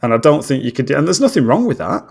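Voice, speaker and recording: Sweary man with a gravelly voice. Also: mid-range voice, very animated, quick pace, darkish tone. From England. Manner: sweary, blunt, teasing. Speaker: guest. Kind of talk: casual podcast chat. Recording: remote call audio.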